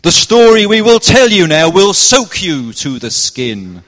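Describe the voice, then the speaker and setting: A man's voice: high-pitched, very animated, a little slow, fairly bright tone, voice pushed up, heavily acted. A man playing a jolly sea captain with a Cornish accent, narrating in sing-song rhyming verse during a live church play. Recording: echoey hall.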